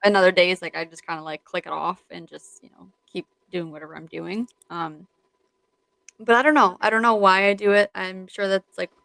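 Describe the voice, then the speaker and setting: A woman co-hosting a podcast in casual chat, speaking hesitantly with many fillers and trailing off softly. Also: on the low side, fairly even intonation, a little fast, creaky, no echo. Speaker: podcast co-host.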